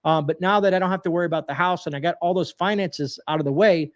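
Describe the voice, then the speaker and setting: Male livestream host, high voice, folksy and rambling, addresses viewers as folks. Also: fast talker. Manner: reads viewer comments aloud, greets chatters. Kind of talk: casual livestream chat.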